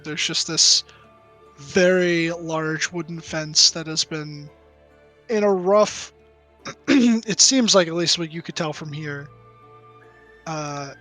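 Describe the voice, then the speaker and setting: A man narrating a tabletop game as game master, hesitant, with many fillers and throat clearing. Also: on the high side, pushed and bright.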